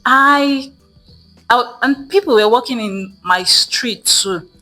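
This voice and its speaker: Young woman vlogger rambling through a storytime, lots of "like", doing everyone's lines, bright sharp voice. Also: fairly high pitch, takes it slowly, soft background music, rough recording. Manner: chatty, many fillers, acts out quoted dialogue. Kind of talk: storytime vlog.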